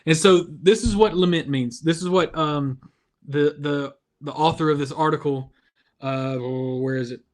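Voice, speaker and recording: A man's voice: a little high, measured pace. A man hosting a casual youth devotional over a video call, chatty and self-deprecating. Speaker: youth ministry devotional host.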